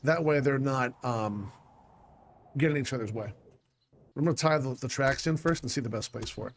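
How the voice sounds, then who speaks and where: A man of average pitch narrating his own gameplay, thinking aloud and talking himself through each choice. He sounds scattered and annoyed, with mild swearing, over a faint background hiss. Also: moderate pace. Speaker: let's play gamer. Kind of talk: casual gameplay commentary.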